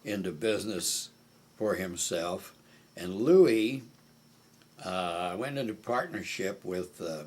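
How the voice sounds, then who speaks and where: Older man, from Omaha, low voice, reminiscing, hesitant pauses. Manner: unhurried, with frequent hesitations. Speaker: oral history interviewee. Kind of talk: reminiscing storytelling.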